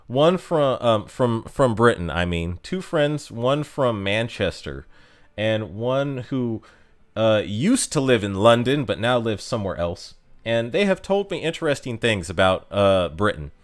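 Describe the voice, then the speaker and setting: An American man in casual live-stream chat, rambling from one thought to the next with plenty of "um"s and restarts. His pitch jumps around a lot in an animated way, and his voice sits at an ordinary middle height. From United States. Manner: rambling and chatty, lots of fillers and restarts.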